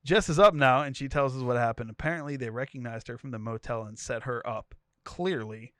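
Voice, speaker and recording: A man's voice: medium pitch, a little fast, no room sound, clean studio sound. A podcast co-host reading a wild tweet thread aloud, laughing as he goes and giving each character's lines a voice. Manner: animated storytelling, laughing between lines.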